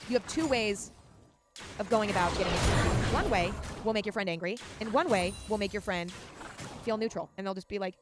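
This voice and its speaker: A woman hosting a podcast, giving casual advice in a fast, emphatic and chatty way. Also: medium pitch, expressive. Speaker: podcast host. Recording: loud music under the voice. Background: loud music.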